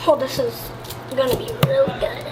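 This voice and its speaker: Very high-voiced giggly young woman. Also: little pitch movement, moderate pace, far from the mic. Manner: giggly, chatty. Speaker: family member cooking. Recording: noisy home video.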